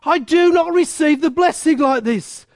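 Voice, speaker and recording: A man's voice: extremely high pitch, normal speed, no room sound, studio quality. A man preaching a passionate sermon, breaking into snatches of sung choruses. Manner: passionate, bursts into snatches of song.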